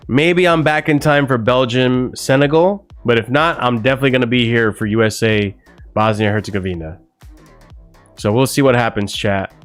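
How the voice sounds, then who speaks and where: An American man hosting a casual football watch-along livestream and chatting directly with his viewers as he wraps up. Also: medium pitch. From United States. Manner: chatty, talks straight to chat, swings between upbeat and mumbled asides. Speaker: livestream host.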